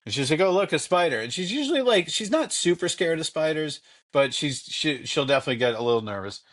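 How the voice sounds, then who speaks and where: A man's voice: on the high side, very animated, fast, a bit bright. A man telling casual, rambling stories about his young daughter as a podcast guest, speaking from his home basement over a call. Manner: rambling, filler-heavy anecdotes. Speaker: guest, father. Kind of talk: casual storytelling.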